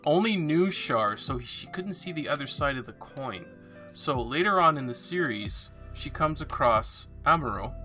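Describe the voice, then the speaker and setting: A man's voice: medium pitch, pushed and bright. A man with a Canadian accent chatting on a podcast, hesitant with frequent fillers. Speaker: podcast co-host. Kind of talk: casual podcast chat.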